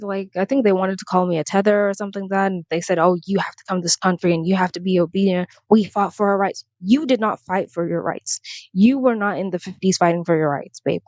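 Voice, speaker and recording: A woman's voice: medium pitch, a little mellow, no room sound. A young woman giving a heated, sarcastic commentary rant to the camera, exasperated and blunt. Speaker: commentary vlogger.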